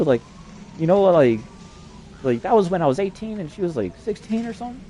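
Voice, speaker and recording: Fast, profane, rambling man. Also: sits high, a little hiss or hum. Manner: excitable, voice climbs when agitated. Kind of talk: rambling monologue.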